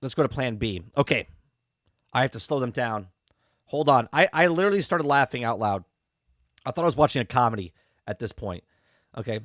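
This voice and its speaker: A man's voice: mid-range voice, animated, fairly quick, pauses often, fairly bright tone, dry recording, studio quality. A man hosting a podcast, giving a rambling, emphatic and mocking spoken review that keeps checking in with his listeners. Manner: rambling and emphatic, keeps asking "okay?" and "right?"; incredulous, mocking tone. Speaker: podcast host reviewing a TV episode.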